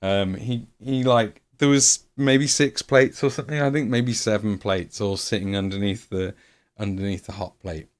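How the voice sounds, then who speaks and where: A man's voice: fairly low pitch, steady tone, moderate pace. A man streaming, telling a rambling story with lots of swearing and fillers. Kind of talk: casual storytelling.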